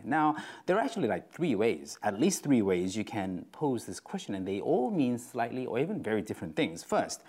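A man's voice: fairly low pitch, sing-song, brisk, a little mellow. A man giving a casual Bible teaching in a conversational way, using lots of fillers, tag questions and shifting stress on his words. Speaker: devotional speaker.

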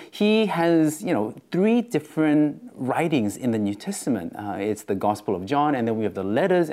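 A man's voice: fairly low pitch, warm tone. A man with an Australian accent giving a chatty, informal devotional talk as its host.

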